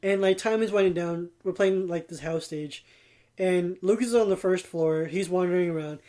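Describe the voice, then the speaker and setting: A man's voice: sits high, moderate pace, dark tone. A young man co-hosting a podcast, telling loose, laughing, profane gaming stories. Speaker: podcast co-host. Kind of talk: casual chat.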